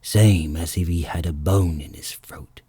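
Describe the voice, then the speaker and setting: A man voicing the Gryphon, a bossy winged beast who talks low and whispery. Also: measured pace, warm tone, husky, no room sound, exaggerated voice. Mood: gruff.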